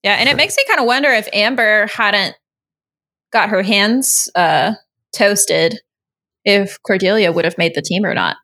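A woman's voice: mid-range voice, a little slow, bright, forceful tone. A woman co-hosting a casual podcast, chatting and laughing as she recaps an episode. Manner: chatty, laughs often, acts out quotes. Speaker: podcast co-host.

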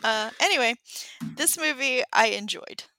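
Bright, rambling woman podcast host. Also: fairly high pitch, expressive, normal speed, a little hiss or hum. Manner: rambling, hesitant, giggly. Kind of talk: casual movie-review chat.

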